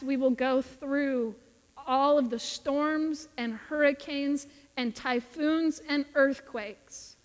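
A woman preaching a sermon with an earnest, emphatic delivery in a church sanctuary. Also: high voice. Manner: earnest, emphatic, acts out quoted voices. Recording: long hall reverb.

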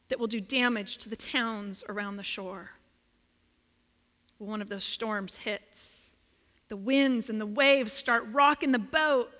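A woman preaching a sermon, telling a scripture story with swings from loud emphasis to hushed quiet. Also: high-pitched, in a large hall.

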